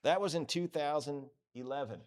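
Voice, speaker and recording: A man presents at a professional conference in an easy, joking way. He wanders off into asides and plays out the voices of the people he talks about. He sounds lively and off the cuff rather than read from a script. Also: a little high, moderate pace. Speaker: conference speaker. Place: conference hall.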